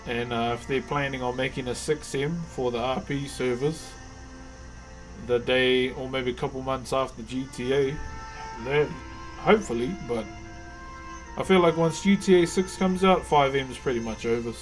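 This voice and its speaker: A relaxed man with a New Zealand accent chats loosely with his stream viewers and calls them brother. His voice sits at an ordinary middle pitch. A little music plays softly behind him. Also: moderate pace. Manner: laid-back, calls viewers brother and bro. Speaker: live streamer and carver. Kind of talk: casual live-stream chat with viewers.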